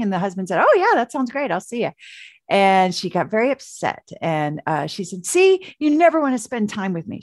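A woman's voice: lowish voice, darkish tone, no echo, studio quality. A woman coach, a guest in an interview, telling stories in a chatty way full of fillers and restarts. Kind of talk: casual storytelling interview.

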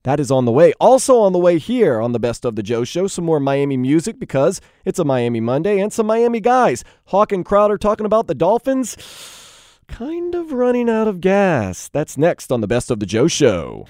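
A man hosting a radio best-of show, reading segment links in a smooth announcer delivery. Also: high voice, sing-song, normal speed, dark tone, no room sound, studio quality. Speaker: radio host.

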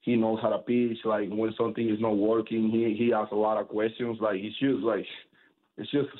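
Energetic baseball pitcher on a tinny line. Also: male voice, moderate pace. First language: Spanish. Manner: energetic, rambling with many fillers and restarts. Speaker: baseball pitcher, interview guest. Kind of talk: casual interview chat.

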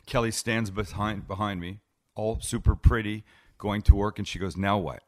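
A middle-aged TV cooking host chats in a podcast interview from his home living room, telling stories casually. His voice is lowish at a normal speed, and he's an animated storyteller who acts out the dialogue.

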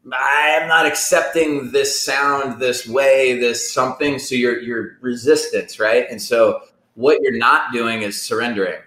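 Rambling man in an echoey room. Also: lowish voice. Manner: rambling, animated, acts out inner voices. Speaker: podcast co-host. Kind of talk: casual conversation.

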